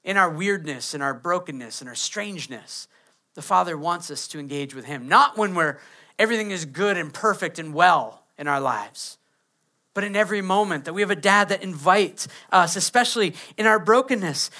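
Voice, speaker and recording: A man's voice: sits high, expressive, moderate pace, pushed and bright. A man, preaching a sermon as pastor and acting out quoted kids and prayers.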